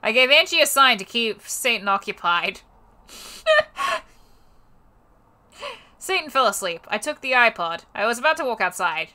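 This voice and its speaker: A woman's voice: on the high side, wildly swooping pitch, a little slow, long pauses, pushed and bright. A young woman on a livestream reading a fanfiction aloud for laughs, stumbling over words and breaking off into exasperated, cursing asides. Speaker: streamer.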